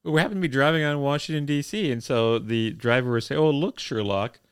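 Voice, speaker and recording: A man co-hosting a casual movie commentary podcast, joking playfully and acting out scenes in a deadpan way. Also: mid-range voice, fast talker, clear, resonant tone, no echo, studio quality. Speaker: podcast co-host.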